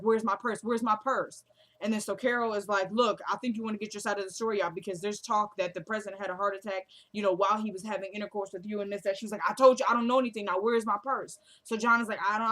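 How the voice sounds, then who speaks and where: Chatty young woman recapping a TV episode. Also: fairly bright tone. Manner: chatty, laughing, quotes characters with lowered voice. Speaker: show recap vlogger.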